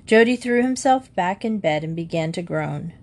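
A woman narrating a children's storybook in a clear, even way. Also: lowish voice, moderate pace. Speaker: audiobook narrator.

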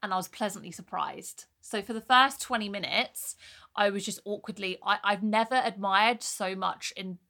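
A young woman chatting on a podcast, her voice bright and clear. She tells her stories candidly and easily, dropping in a casual swear here and there. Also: mid-range voice, normal speed. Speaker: podcast co-host. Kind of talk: casual chat.

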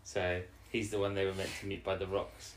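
A woman recapping an episode in casual chat with a co-host, rambling along and now and then putting on quick voices for the characters. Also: extremely low pitch, little pitch movement, a little hiss or hum. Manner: rambling recap with brief put-on quoted voices. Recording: echoey room.

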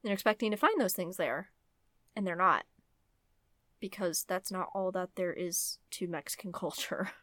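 Young woman, book vlogger, casual rant, animated, lots of fillers, dry close sound. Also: lowish voice, moderate pace, no echo. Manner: animated, ranting, many fillers. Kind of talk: casual opinionated book talk.

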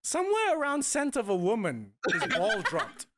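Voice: medium pitch, wildly swooping pitch, normal speed, a bit bright. A podcast co-host chatting casually and playfully, often slipping into mock voices. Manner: playful, does mock voices when quoting. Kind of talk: casual chat.

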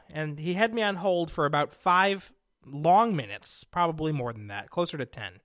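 Speaking at a normal pace into a studio mic, this young radio host from Connecticut spins a lengthy, casual monologue full of fillers and mounting exasperation. His voice sits high, sounds fairly bright, and is very animated, captured dry.

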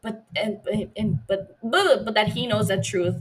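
A woman podcast host recapping a TV episode in casual chat, reacting with lively, profane outbursts. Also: mid-range voice, unhurried, hardly any pauses, slightly rough. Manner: animated, profane, gushing reactions.

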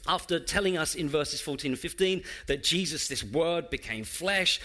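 A man's voice: fairly high pitch, lively intonation, normal speed, bright, forceful tone. A man preaching a sermon to his church, reading scripture, praying and addressing the congregation with rhetorical questions. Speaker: preaching pastor.

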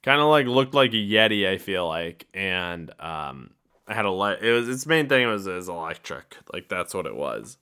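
Rambling young man, lively deep voice. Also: moderate pace, clear, resonant tone. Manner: rambling, self-interrupting, laughs at himself. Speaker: podcast host. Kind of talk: casual solo podcast monologue.

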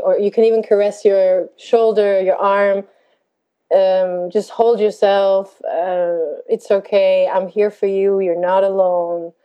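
Calm woman coach with a mellow voice. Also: mid-range voice, low-quality recording. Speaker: life coach. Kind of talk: reflective podcast conversation.

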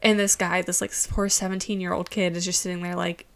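Gravelly young woman, sarcastic podcast host. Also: medium pitch, flat delivery, fairly quick, hardly any pauses. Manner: profane, sarcastic storytelling. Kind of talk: casual podcast chat.

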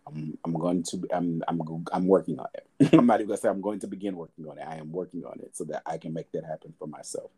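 Young guy on his podcast, real low voice, just talking it through honest and loose. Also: quick pace, few pauses, mellow, husky. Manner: candid and conversational, with fillers and repeats. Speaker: podcast host. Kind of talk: reflective podcast monologue.

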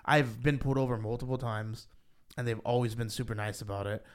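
A man's voice: fairly quick, clean tone. A man co-hosting a podcast, chatting casually and rambling with lots of "like", his voice rising when he gets worked up. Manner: rambling, heavy use of "like", rises in pitch when animated. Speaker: podcast co-host. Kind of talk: casual chat.

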